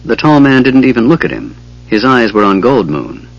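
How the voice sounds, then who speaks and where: A man narrates a fantasy audiobook in a measured, dramatic way. His voice is low and husky, and the recording sounds dull and lo-fi. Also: expressive.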